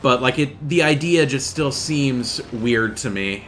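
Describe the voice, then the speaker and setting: A man's voice: medium pitch, measured pace, a bit bright, slight background noise. A man giving casual let's play commentary, musing aloud with fillers and self-corrections. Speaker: gameplay commentator.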